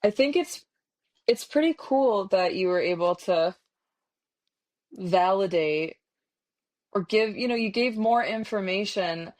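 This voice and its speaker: An American woman hosting a podcast, chatting casually with lots of fillers like um and like. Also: medium pitch. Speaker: podcast host. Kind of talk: casual conversation.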